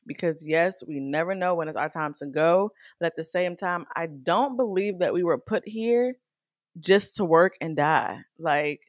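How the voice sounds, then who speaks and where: A woman talking casually to her viewers about faith and stress, chatty and animated, calling the listener girl. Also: sits low, dry recording, studio quality. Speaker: faith vlogger. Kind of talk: casual faith talk to camera.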